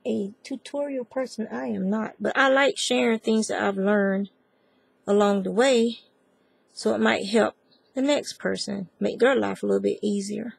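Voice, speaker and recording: In a casual crochet tutorial, a Southern US woman chats and digresses while addressing viewers as y'all. She speaks in a creaky, slightly rough mid-range voice with a steady tone and moderate pace, with no echo.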